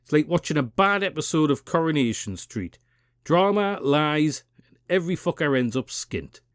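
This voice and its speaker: With a slightly high, expressive, smooth voice at a moderate pace, this Geordie host of a political commentary channel swears without restraint and ridicules people with sharp sarcasm. The audio is clean studio sound with no room echo, and his tone is combative throughout.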